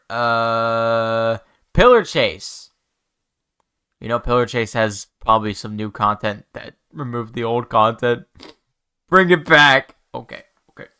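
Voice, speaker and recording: A man talking to his viewers while holding back tears, halting and restarting his words, sighing often. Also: medium pitch, bright, forceful tone, clean tone. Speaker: YouTuber. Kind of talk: emotional talk to camera.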